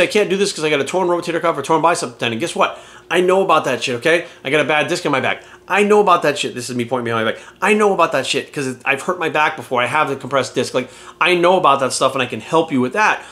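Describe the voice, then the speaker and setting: A man's voice: a little high, animated, fast talker, sharp tone. A man talking as a fitness coach in a casual vlog rant, blunt and heavy on swearing and rhetorical questions.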